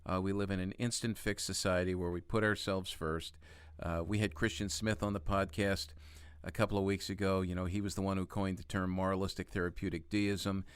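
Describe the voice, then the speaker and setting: Male podcast host, deep smooth voice, hesitant questions full of fillers, dry close sound. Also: level tone, no room sound. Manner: halting, with many fillers. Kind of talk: interview questions.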